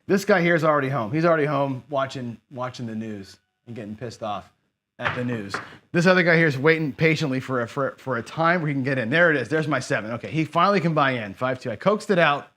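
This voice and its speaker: A man talking his way through a dice game on a live stream. His voice sits at an ordinary middle pitch. He mutters to himself, greets viewers in the chat and keeps up a loose running commentary. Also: lively intonation, fast talker, a bit bright. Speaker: craps streamer. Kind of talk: casual live-stream commentary while playing.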